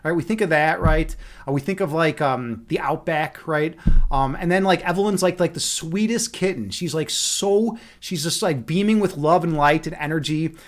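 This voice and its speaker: A man's voice: fairly high pitch, normal speed. A young man hosting a livestream, chatting casually and reading the live chat, rambling with many fillers and restarts. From Chicago, USA. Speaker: livestream host.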